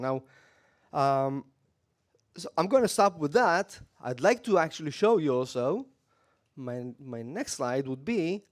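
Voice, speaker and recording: A man walks an audience through a live software demo, his speech loose and full of repeated phrases. His voice sits a bit higher than most men's. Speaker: conference presenter. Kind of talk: live product demo talk.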